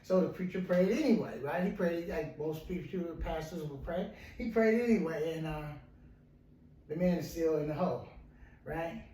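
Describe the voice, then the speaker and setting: Rambling through a story and repeating himself, this male counselor keeps checking in with "right?" He has a warm, slightly high voice and moves at a moderate pace, captured by a far-off mic in an echoey room.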